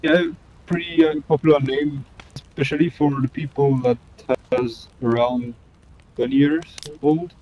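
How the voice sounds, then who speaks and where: A man from France with a French accent, speaking halting English in a casual game chat. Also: on the high side, animated, warm tone, low-quality recording. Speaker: fellow player.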